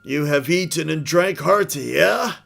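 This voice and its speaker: Troll chieftain, voiced by a man: huge, bellowing, slow, commanding, archaic speech. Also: gravelly, fairly bright tone, faint music behind, exaggerated voice. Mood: rousing. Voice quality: booming, bellowing. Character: huge loud male troll chieftain rallying his clans.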